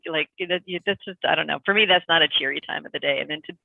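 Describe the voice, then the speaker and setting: A man on a casual podcast who talks in animated bursts and exclaims often. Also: a little high, rapid-fire, vocal fry, dry recording, phone-quality sound. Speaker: podcast co-host. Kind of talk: casual chat.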